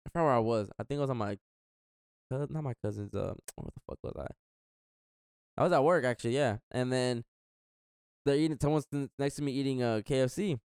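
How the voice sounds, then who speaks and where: A man's voice: mid-range voice, brisk, pauses often, darkish tone, clean tone, no room sound, studio quality. A young man in casual chat, rambling through a story and acting out what others said in a slangy way. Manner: rambling, slangy, acts out quotes.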